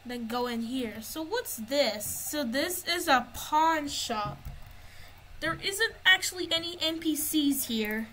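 Woman chatting through a game slowly, bright voice, faint hum behind. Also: sits high, lively intonation, low-quality recording. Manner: narrates what she finds as she explores. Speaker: gamer. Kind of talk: gameplay commentary.

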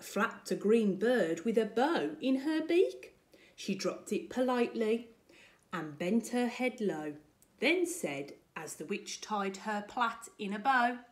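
A primary school teacher records a remote lesson at home, reading a picture book to children in a lively, expressive way. She has a medium-pitched voice.

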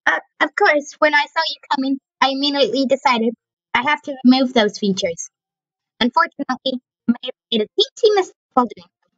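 A woman's voice: high-pitched, lively intonation, a little fast, no echo, highs cut off. A woman voicing a nervous female dinosaur scientist who stumbles hesitantly over her words. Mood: sheepish.

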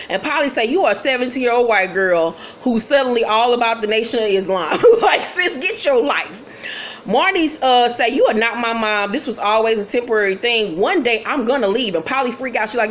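A woman giving a casual, animated recap of a TV episode, acting out the characters' lines with laughter and swearing. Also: fairly high pitch, a little hiss or hum. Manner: animated storyteller, acts out quotes with laughs and swearing. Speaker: TV recap host.

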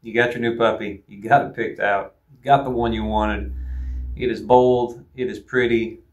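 A man's voice: on the low side, fairly even intonation, moderate pace, highs cut off. A man who trains hounds, giving plain-spoken, laid-back advice and repeating his phrases as he explains. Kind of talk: casual instructional talk.

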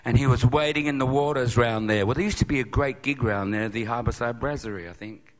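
An older man telling a rambling, absurd comic anecdote to an audience, slipping into high excited voices for quoted people. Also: fairly quick. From Australia. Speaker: guest storyteller at a writers' event. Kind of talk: comic anecdote, live talk.

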